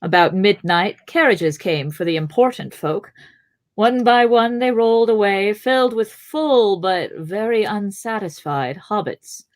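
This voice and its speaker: Slow, measured woman reading aloud. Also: no room sound. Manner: reads the book aloud in a slow measured voice, lowering it for the wizard. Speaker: podcast co-host reading aloud. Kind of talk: casual podcast read-aloud and chat.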